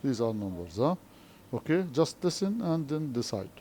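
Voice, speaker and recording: A man with an Arabic accent teaching an English lesson, speaking slowly and checking understanding with repeated questions. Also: medium pitch, very animated, warm tone, slight background noise. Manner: slow, repetitive, frequent questioning tags. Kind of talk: classroom lesson explanation.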